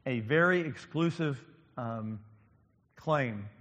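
A male pastor preaches at a mid pitch, pausing often on ums and repeating key lines for emphasis. His voice rings out through a large church sanctuary with a long, trailing reverb. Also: fairly bright tone, lo-fi sound. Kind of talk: sermon.

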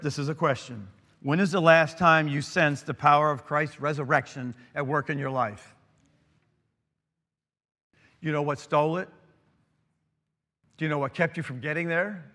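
A middle-aged man preaching a sermon, earnest and emphatic, dropping to a hushed tone when telling a family story. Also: a little high, moderate pace, long pauses. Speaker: pastor. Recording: long hall reverb.

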